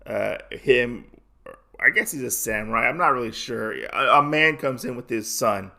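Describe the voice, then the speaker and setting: A young adult man chatting through a comic recap, full of "uh" and restarts. His pitch sits in the middle. The delivery is casual. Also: expressive, moderate pace, gravelly, pushed and bright. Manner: rambling, many fillers. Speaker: podcast host.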